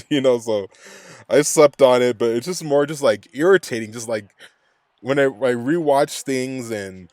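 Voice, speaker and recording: A man's voice: mid-range voice, lively intonation, moderate pace, darkish tone, no echo, studio quality. A man ranting angrily in a profane, rambling game recap. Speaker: sports fan vlogger.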